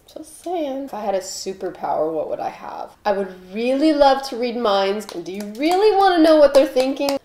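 A young woman bakes in her home kitchen while delivering a rambling, offbeat comedy monologue full of jokey asides and mock voices for the people she quotes. She sounds high-pitched, very animated and warm, speaking at a moderate pace with hardly any pauses. The kitchen is echoey with faint noise.

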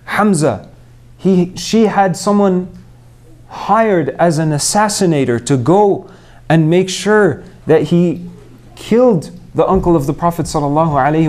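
A man's voice: on the high side, a little mellow. A young man born and raised in Montreal, giving an earnest mosque talk and putting rhetorical questions to his audience. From Canada, Montreal. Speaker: Islamic preacher.

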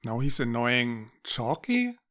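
A man's voice: mid-range voice, big pitch swings, takes it slowly, heavy background noise. A man with a German accent, commenting casually and jokingly on a TV episode. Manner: joking, laughing asides. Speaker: reaction video host. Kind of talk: casual commentary between clips.

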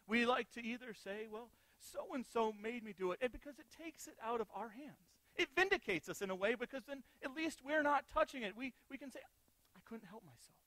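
A man's voice: extremely high pitch, a bit bright, dry recording. A pastor giving a sermon in an easygoing way, asking his listeners rhetorical questions and now and then repeating a word as he restarts. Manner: conversational preaching with rhetorical questions; repeats words when restarting.

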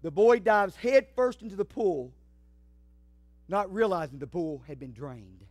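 A man preaching a fiery sermon, swinging from shouts to hushed asides. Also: high-pitched, big pitch swings, unhurried, dry recording. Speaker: pastor.

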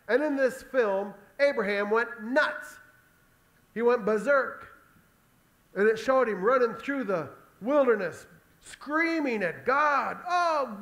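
A male pastor delivering a sermon in an animated storytelling way, acting out Bible scenes. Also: sits high.

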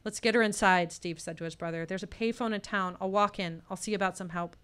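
Bright, crisp woman telling a true story. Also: medium pitch, fairly even intonation, fast. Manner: personal story told with tense quoted dialogue. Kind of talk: live storytelling performance. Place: live showcase venue.

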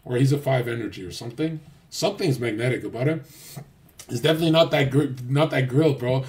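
A man's voice: mid-range voice, quick pace, darkish tone. Guy ranting on his stream, cocky and crude, cusses nonstop, loses his thread and restarts. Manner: crude, boastful, heavy swearing; rambling, loose, trails off and restarts. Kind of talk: casual livestream rant.

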